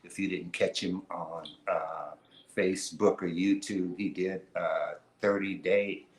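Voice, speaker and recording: A man hosting a casual livestream chat, telling stories in a relaxed, rambling way with lots of fillers. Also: low voice, takes it slowly, roomy sound, slight background noise, rough recording. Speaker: show host.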